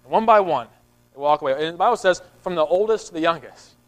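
A man's voice: fairly high pitch, animated, fast talker, poor audio. A man preaching a sermon in a conversational way, often repeating words and acting out the people in the story. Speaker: pastor.

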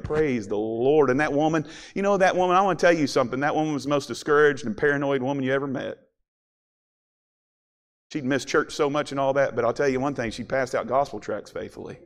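A middle-aged man preaching a sermon, telling stories with big swings from shouting to quiet. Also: medium pitch. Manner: animated storytelling, swings from shouting to soft.

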